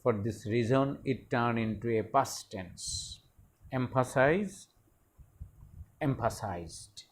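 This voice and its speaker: A man explains English grammar rules to his students. He talks at a very unhurried pace and keeps repeating key words as he works through each example. His voice sits at an ordinary, mid-level pitch. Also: expressive, slight background noise. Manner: deliberate, repeats words and phrases while explaining. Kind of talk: slow explanatory lesson.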